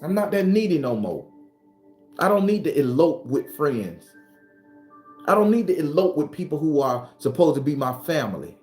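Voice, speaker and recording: A man streaming live, talking bluntly with plenty of cursing and calling out viewers by name. His voice is dark and mellow, with faint music playing underneath. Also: on the high side, normal speed. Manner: blunt, profane, animated, greets viewers by name. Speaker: host. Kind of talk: casual live-stream talk.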